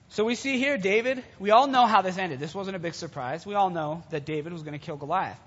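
A man gives a sermon to young listeners in a loose, storytelling manner, his voice high and husky. The recording is dull and carries the long reverb of a big hall. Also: brisk, few pauses, a bit bright. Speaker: youth preacher. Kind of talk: sermon retelling a Bible story.

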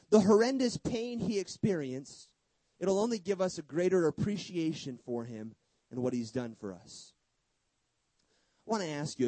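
A man preaching with a high but mellow voice, pressing his points through rhetorical questions and then dropping to a near hush. He mixes earnest conviction with casual, joking asides. The sound is dry and close, with no room around it. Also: no room sound, rough recording. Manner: emphatic preaching with sudden hushed drops and rhetorical questions. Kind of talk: sermon.

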